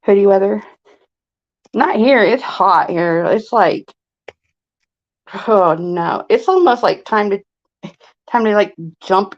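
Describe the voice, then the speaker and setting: A woman's voice: medium pitch, takes it slowly, pauses often. A woman chatting casually during a live stream, laughing and chiming in with short remarks. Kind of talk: casual chat. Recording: dull lo-fi sound.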